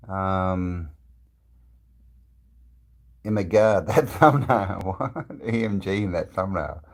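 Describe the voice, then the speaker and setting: A man hosting a casual live stream, reading viewers' comments aloud and rambling with many fillers and restarts. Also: lowish voice. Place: indoors, travelling.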